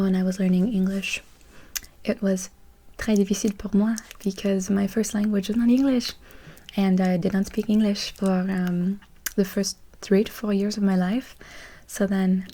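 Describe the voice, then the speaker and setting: A woman in a whispered role-play as a French tutor. She mixes soft whispers with quiet speech, switches between English and French, and slowly repeats each word. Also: mid-range voice, slight background noise.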